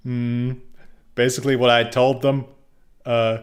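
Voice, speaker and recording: Young guy streaming a game, rambly and jokey, keeps restarting his sentences, average pitch. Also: flat delivery, slow, pauses often. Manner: rambling and joking, with frequent restarts. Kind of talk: casual gameplay commentary.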